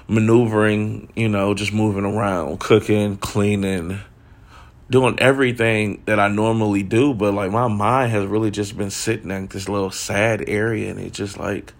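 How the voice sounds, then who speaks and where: A man's voice: lowish voice, a bit bright. A young man hosting his own talk show, reflecting in a candid, rambling way, swearing freely and filling with "like" and "dog". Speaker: podcast host. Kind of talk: casual reflective monologue.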